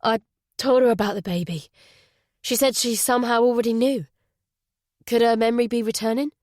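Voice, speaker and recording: A woman's voice: fairly high pitch, fairly even intonation, fairly quick, darkish tone, no room sound, studio quality, natural voice. A woman reading a guarded male detective. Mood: tense. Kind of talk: audiobook character reading.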